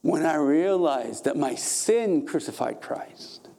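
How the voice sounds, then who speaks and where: A young adult man delivers a sermon with real fervor, his mellow, warm voice pitched a little high. He builds to emphatic peaks and then pulls back into quieter, gentler stretches. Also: animated, slow, vocal fry. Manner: impassioned preaching, rising to emphatic peaks then dropping soft. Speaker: pastor.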